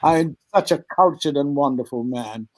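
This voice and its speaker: A man's voice: a little high, normal speed, low-quality recording. An older man with a British accent, an actor telling stories as a podcast guest and acting out the voices of the people in them. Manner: animated storyteller, acts out voices, frequent laughs and restarts. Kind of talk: storytelling in a podcast interview.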